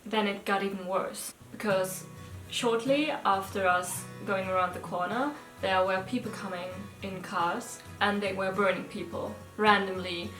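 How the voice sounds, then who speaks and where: A young woman casually recounting a dream, relaxed and a little hesitant. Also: mid-range voice, measured pace, few pauses. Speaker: co-host. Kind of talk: casual storytelling. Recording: echoey room with music. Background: background music.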